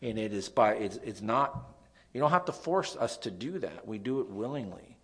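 A young man with a nasal voice, a pastor preaching a sermon, dropping to soft asides and rising to loud emphasis. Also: lowish voice, expressive, normal speed, slightly rough.

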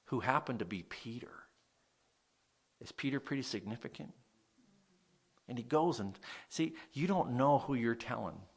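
At a measured pace with long pauses, a man preaches in a medium-pitched, creaky, slightly rough voice. He's animated and conversational, often asking the congregation questions.

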